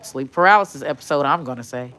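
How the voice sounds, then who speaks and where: A woman's voice: very deep voice, fast talker, fairly bright tone. A woman telling a story in a casual vlog, rambling and dropping tag questions and swear words all the way through. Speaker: vlogger.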